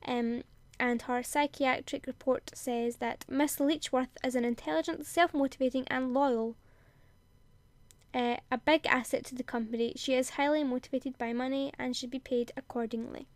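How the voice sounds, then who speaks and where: A woman's voice: high voice, fairly even intonation, normal speed, no room sound. A young woman hosting a gaming video, reading character bios aloud, giggling and tripping over words. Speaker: gaming channel host.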